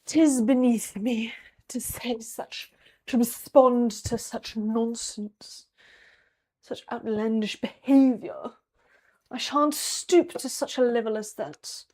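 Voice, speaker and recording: A woman's voice: mid-range voice, slow, long pauses, darkish tone, close to an everyday voice. A woman putting on the voice of a haughty, prim, old-fashioned aristocrat who speaks with lofty disdain. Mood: disdainful. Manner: lofty, disdainful, archaic phrasing.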